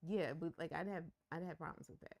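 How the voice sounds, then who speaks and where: Low-voiced woman in relaxed chat. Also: a little fast, gravelly. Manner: relaxed, conversational, wry asides. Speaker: podcast co-host. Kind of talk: casual relationship chat.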